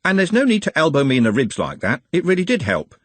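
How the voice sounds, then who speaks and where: A man's voice: on the high side, wildly swooping pitch, fast, no room sound, voice pushed up. A man voicing a cheerful, chatty young man with a robust manner. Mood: cheery. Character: cheerful, breezy young working-class man.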